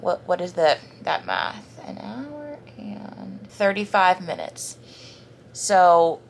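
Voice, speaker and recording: A young Southern woman talks loosely in a casual book vlog, full of fillers and asides. Her voice sits a little low for a woman. A faint background hum runs under the recording. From American South. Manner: chatty, rambling, many fillers and likes. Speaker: book vlogger. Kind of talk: casual reading vlog chat.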